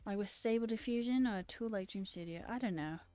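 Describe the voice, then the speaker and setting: A woman with a mid-range voice chats loosely with her stream viewers, playful and rambling as she replies to their comments. Soft music plays faintly behind her. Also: mid-range voice, brisk, no echo. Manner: playful, rambling, chatty, answers chat out loud. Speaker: live streamer. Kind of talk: casual live-stream chat with viewers.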